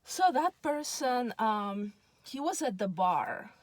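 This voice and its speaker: A woman's voice: fairly high pitch, lively intonation, slow, no room sound. A woman, telling a personal story in a chatty, meandering way full of ums. She sounds tired. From Russia. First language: Russian. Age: 30s. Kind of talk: casual storytelling monologue.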